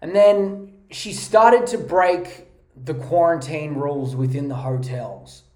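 A man's voice: fairly high pitch, steady tone, slow, darkish tone, echoey room. A man hosting a podcast, ranting in a mocking, profane comedic style on a podcast mic. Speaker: podcast host.

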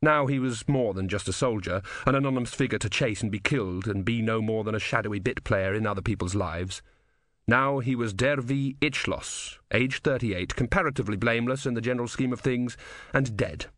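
A man narrating an audiobook with expressive storytelling. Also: medium pitch, brisk, no room sound, clean studio sound. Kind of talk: scripted narration.

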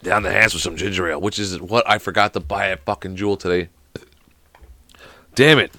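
A man's voice: low voice, a little fast, bright, forceful tone, dry recording. A young man who is sick hosts a podcast alone in casual chat. He swears constantly and rambles through anecdotes. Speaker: podcast host.

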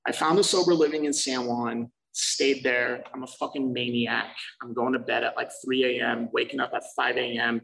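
A man's voice: medium pitch, fairly even intonation, moderate pace, creaky, hardly any pauses, fairly bright tone, far from the mic, low-quality recording. A young man casually telling his recovery story, swearing freely and acting out past conversations. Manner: profane, loose, acts out quoted exchanges.

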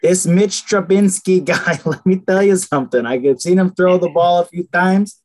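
A man putting on a gruff, low Chicago sports-fan voice as a joke. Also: moderate pace, darkish tone, lightly acted. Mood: blustery.

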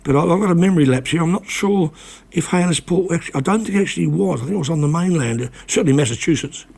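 An older man, a former reporter, talking as a guest in a casual conversation, halting often with restarts and repeated words. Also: on the high side, gravelly, darkish tone, husky.

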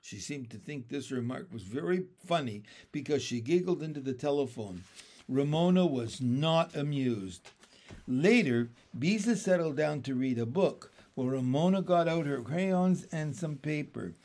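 A man reading a children's chapter book aloud in an expressive, lively storytelling manner. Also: fairly high pitch, unhurried. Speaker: reader.

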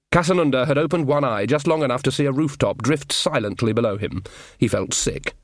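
Male audiobook narrator, measured and even, dry studio sound. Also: medium pitch, no room sound. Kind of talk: scripted narration.

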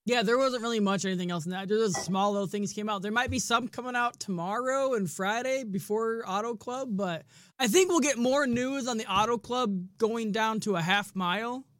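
A man's voice: high-pitched, moderate pace, fairly bright tone, dry recording, clean studio sound. A man co-hosting a racing podcast in casual chat, blunt and rambling, swearing freely. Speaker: podcast co-host.

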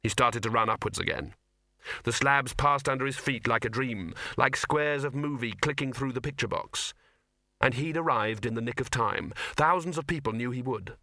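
A man reading an audiobook as narrator, in a measured, dry storytelling manner. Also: medium pitch, bright, forceful tone, dry recording. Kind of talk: scripted narration.

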